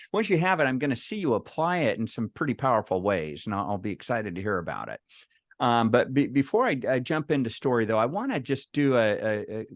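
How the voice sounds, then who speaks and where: A man's voice: medium pitch, no echo, clean studio sound. A man presenting at an online meeting. He tells anecdotes with frequent restarts and asks the group questions. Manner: storytelling with many restarts. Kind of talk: casual workshop talk.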